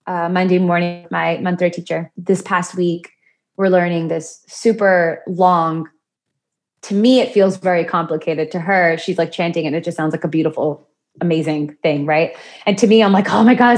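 A woman guest on a podcast, talking in a chatty way about chanting practice, laughing now and then. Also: lowish voice. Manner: chatty, laughs often, acts out quoted voices. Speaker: podcast guest, yoga and mantra teacher. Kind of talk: conversational interview.

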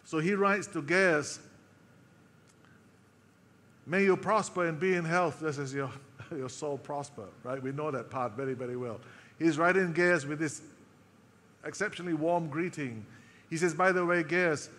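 A man preaching a sermon, telling a story with emotional pauses and dropping to a soft voice for quoted lines. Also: a little high, in a large hall. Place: church hall.

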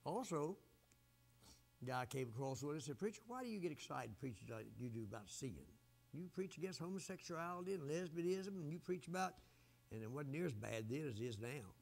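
An older male preacher with a gravelly, rough-edged voice pitched a little high. He delivers a fiery revival sermon, hollering some lines and dropping others to a hush. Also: lively intonation, a little fast. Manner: swings from shouting to quiet low asides.

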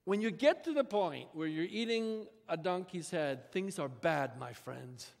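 A man's voice: high-pitched, animated, measured pace, vocal fry, darkish tone. A male pastor preaching a sermon in a church, talking in a conversational, folksy way with asides to the congregation. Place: church sanctuary. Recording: long reverb of a church hall.

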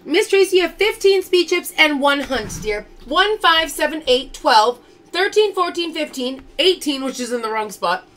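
A woman's voice: high-pitched, expressive, moderate pace, a bit bright. A woman hosting a casual live-stream pearl sale from home, chatting and reading out viewer names as she calls results.

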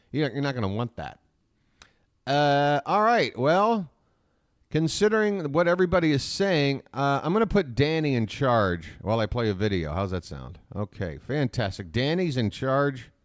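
A man's voice: lowish voice, dry recording, studio quality. A man hosting a casual live stream from his laptop at home, rambling with self-mocking asides and reading out the chat.

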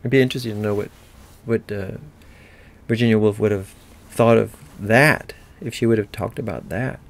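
An American man giving a recorded university literature lecture in a digressive, halting way with many fillers. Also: on the low side, vocal fry.

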